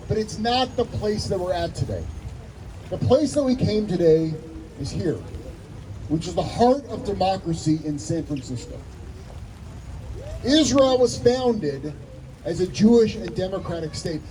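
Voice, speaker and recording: A man, a rabbi, giving an animated speech at an outdoor rally and acting out the voices in a story he tells. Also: high voice, far from the mic, rough recording. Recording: outdoor rally with loud ambient noise.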